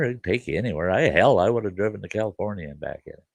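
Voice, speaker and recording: A man with a deep, gravelly voice tells a story on his livestream in a relaxed, folksy manner. He retells the exchange line by line and keeps coming back to "I said." The sound is dry and close, with no room echo. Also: fast talker. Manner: folksy, repeats "I said" while retelling. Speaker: livestream host. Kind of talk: casual storytelling. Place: farm.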